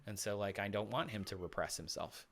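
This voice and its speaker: A man's voice: on the low side, a little fast. An American man in his thirties chatting casually as a podcast guest, talkative and full of restarts. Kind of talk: casual conversation.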